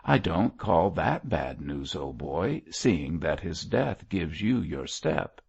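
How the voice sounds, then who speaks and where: A man voicing a lively, teasing young army captain in an audiobook, talking in a playful bantering way. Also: sits low, slow, vocal fry, husky, dull audio, full character voice.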